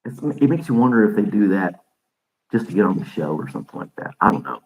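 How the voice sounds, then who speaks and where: Very low-voiced male podcast host, loose rambling chat, frequent chuckles. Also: very animated, fast, darkish tone, rough recording. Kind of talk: casual live-stream chat. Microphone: desk microphone.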